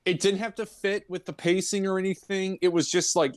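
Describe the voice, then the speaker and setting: A man's voice: high-pitched, steady tone, fairly quick, clear, resonant tone, no room sound, studio quality. A man co-hosting a podcast, chatting casually about a movie in a laid-back, agreeable way. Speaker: podcast co-host. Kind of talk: casual movie review chat.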